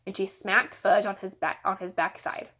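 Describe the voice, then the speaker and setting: A woman teacher reading a children's novel aloud with expressive, animated storytelling. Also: medium pitch, normal speed.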